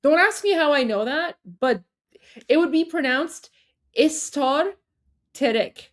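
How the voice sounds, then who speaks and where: A woman's voice: sits high, lively intonation, moderate pace, a bit bright. Chatty woman hosting a livestream. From Iran. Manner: chatty, with many fillers and restarts, laughing often. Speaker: livestream co-host. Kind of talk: casual livestream chat.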